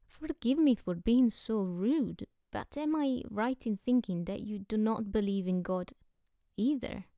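A woman voicing a polite, eccentric foreign man who speaks in drawn-out, squeaky exclamations in an audiobook reading. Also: mellow, dry recording, clean studio sound, close to an everyday voice. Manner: effusive and overly polite.

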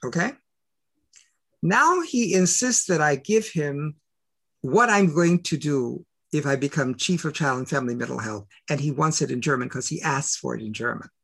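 An older man telling personal stories as an interview guest, emphatic and full of rhetorical questions, with a gravelly voice. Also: fairly high pitch, expressive, normal speed, a bit bright. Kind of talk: animated personal storytelling.

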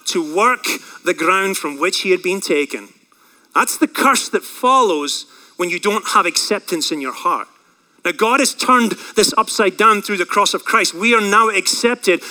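High bright-voiced guy preaching, jokey, acts out little voices. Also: poor audio. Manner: animated, acts out quoted voices, jokes; repeats for emphasis. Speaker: pastor. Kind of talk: sermon.

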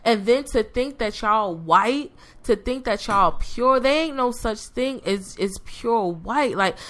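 A woman's voice: fairly high pitch, animated, slow, a bit bright. A woman hosting a casual podcast, speaking in an impassioned, preaching way and addressing listeners over and over. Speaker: podcast host.

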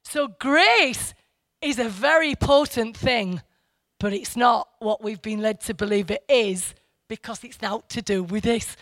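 A man's voice: high-pitched, measured pace, a bit bright, no room sound, studio quality. A man giving an informal Bible teaching, reflective and a little hesitant. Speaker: church teacher.

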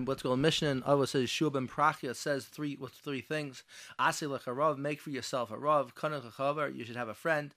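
A rabbi appearing as a guest on a radio show, speaking at a mid pitch for a man. He works through religious texts one by one, translating each Hebrew phrase as he goes. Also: a bit bright. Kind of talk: explaining sources.

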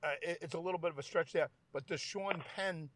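A man's voice: a little high, fairly quick, a bit bright. A man hosting a political chat who thinks aloud and reads out headlines as he goes. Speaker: host.

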